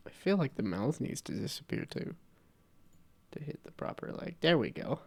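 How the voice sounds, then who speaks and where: Congested, gravelly man streaming casually. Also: sing-song, normal speed. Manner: rambling, self-deprecating, laughs often, low energy. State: congested from a cold. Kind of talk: casual live-stream chat while working.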